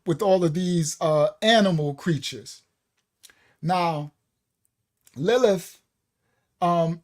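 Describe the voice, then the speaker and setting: A man with a New York accent leads a bible study over a live stream. His voice is high and slightly mellow, and he thinks aloud, often pausing to start over, spelling out words letter by letter, and stepping aside to address his viewers.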